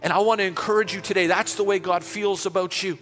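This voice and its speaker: A pastor, a man, preaches to his church in a high, bright voice that rings with force. He builds his points through passionate repetition and leans into quiet prayer. The sound carries a long hall echo with faint music underneath. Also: steady tone, quick pace. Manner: impassioned, repetitive preaching that drops to a hushed prayerful close. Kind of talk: sermon. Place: church sanctuary.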